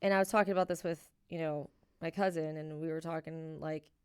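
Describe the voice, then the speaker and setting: A young woman in an easy podcast chat, her voice smooth and clear and sitting a little low. She tells stories with animation and slips into the voices of the people in them. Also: a little fast. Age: young adult. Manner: animated storyteller who acts out quoted voices. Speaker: podcast co-host. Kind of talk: casual chat and storytelling.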